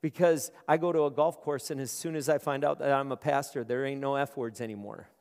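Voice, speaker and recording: A man's voice: medium pitch, fairly even intonation, fairly quick, a little mellow, clear, resonant tone. A male pastor preaching a conversational sermon, often repeating words as he starts his phrases. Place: large room. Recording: long hall reverb.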